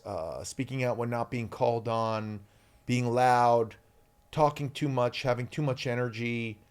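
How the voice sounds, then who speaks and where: A man in his fifties, an actor guest telling stories in a podcast interview, animated and full of ums, acting out shouted quotes. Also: mid-range voice, clear, resonant tone.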